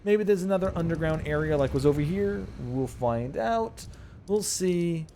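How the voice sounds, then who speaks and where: A man's voice: fairly high pitch, lively intonation, moderate pace, mellow, slight background noise. A man streaming a game live, chatting casually and ranting with lots of swearing and laughter. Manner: rambling, profane ranting with frequent laughs.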